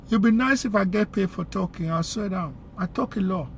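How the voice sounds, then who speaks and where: A man with a Nigerian accent chatting casually while he drives, rambling along with street slang. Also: sits high. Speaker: vlogger. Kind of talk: casual chat while driving. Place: inside a car in city traffic. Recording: loud road and traffic noise.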